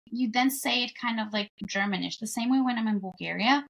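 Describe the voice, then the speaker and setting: A woman's voice: fairly high pitch, fairly quick, vocal fry, fairly bright tone. A young woman talking casually as a podcast guest, chatty and full of "like" fillers. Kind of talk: casual chat.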